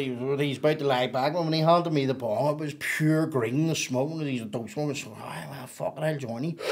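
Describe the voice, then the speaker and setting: Man, podcast guest, mid-pitched voice, animated and profane, rambling storytelling. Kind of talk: casual storytelling.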